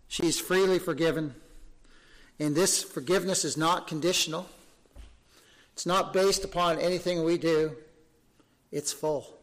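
A man preaching a sermon as pastor, fervent, asking rhetorical questions and repeating words for emphasis. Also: on the high side.

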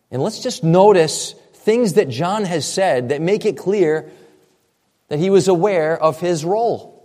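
A man's voice: fairly high pitch, a little mellow, long reverb tail. A man preaching a sermon, earnest and expository, often repeating points for emphasis. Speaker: pastor.

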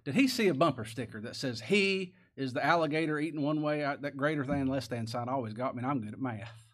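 A man's voice: medium pitch, fast. A man preaching a sermon, folksy and plain-spoken, asking the congregation rhetorical questions and reading scripture aloud. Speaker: pastor.

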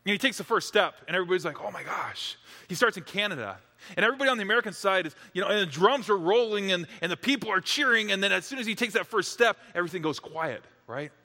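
A man's voice: sits high, pushed and bright, in a large hall. A man preaching a sermon as a dramatic story, dropping to near-whispers at the tense moments.

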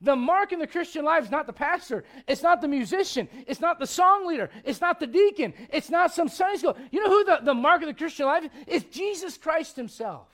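Male pastor with a very high voice, preaching a lively, emphatic sermon. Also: brisk, hardly any pauses. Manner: emphatic, conversational, acts out quotes and asides, frequent restarts.

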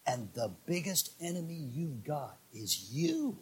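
A man preaching a sermon as pastor, swinging from low, quiet asides to shouted, fired-up exhortation. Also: sing-song, measured pace, a little hiss or hum.

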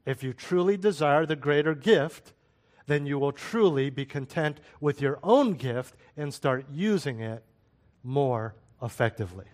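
A man's voice: fairly high pitch, animated, unhurried, darkish tone. A man giving a sermon-style Bible teaching in a conversational way, with rhetorical questions and asides.

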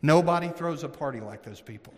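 A high-voiced man from Missouri delivers a sermon, earnest and searching, with frequent restarts and slowed, weighted phrases. His voice carries a long reverb, as if filling a church sanctuary. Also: lively intonation. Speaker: pastor.

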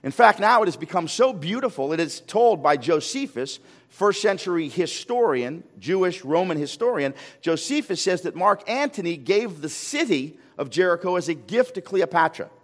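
A man preaching a sermon as a pastor, animated, firing rhetorical questions and repeating words when he gets excited. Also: sits high, normal speed. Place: church sanctuary. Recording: long hall reverb.

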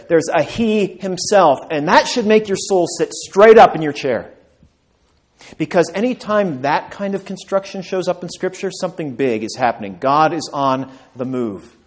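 A male pastor preaching a sermon, building to emphatic peaks and dropping to quiet, earnest lines. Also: mid-range voice.

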